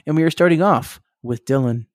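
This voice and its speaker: A man's voice: on the high side, a little fast, no room sound, studio quality. A young man co-hosting a podcast in casual chat, laughing often and rambling. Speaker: podcast co-host.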